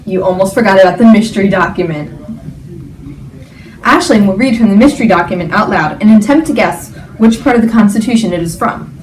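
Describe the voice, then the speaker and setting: A woman's voice: medium pitch, expressive, fairly quick, a little mellow, recorded from a distance. A teenage girl hosting a school comedy skit in a mock-serious game show manner. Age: teens. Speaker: skit host. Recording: echoey room with background noise.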